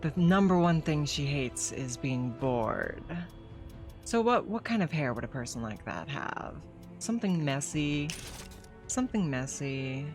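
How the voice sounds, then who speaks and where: Young woman streamer, low voice, casual game commentary, faint game music behind. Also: very animated, unhurried. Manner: chatty, swears casually. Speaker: VTuber streamer.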